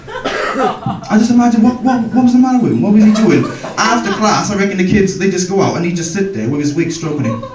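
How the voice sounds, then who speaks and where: A young comedian telling stand-up stories in a high, lively voice that rises and falls all the time. He is heard from a distance in an echoey room, with noise underneath. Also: a little fast. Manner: animated, jumps into character voices, swears freely. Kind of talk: stand-up storytelling. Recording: roomy, distant, noisy stage recording.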